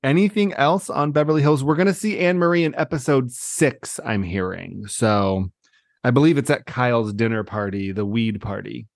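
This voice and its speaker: A man's voice: medium pitch, normal speed, vocal fry, dry recording, studio quality. A man co-hosting a casual podcast about reality TV, laughing often and teasing his co-host.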